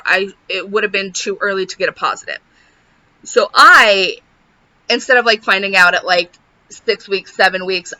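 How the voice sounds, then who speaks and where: Very bright-voiced chatty young woman. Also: medium pitch. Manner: rambling, says "like" constantly. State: pregnant. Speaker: vlogger. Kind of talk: casual chat to camera. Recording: dull lo-fi sound.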